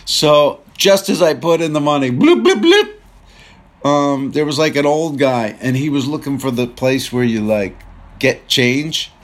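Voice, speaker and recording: Wry man rambling from his car. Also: fairly high pitch. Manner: wry, joking, thinking aloud. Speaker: show host. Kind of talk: casual rambling monologue.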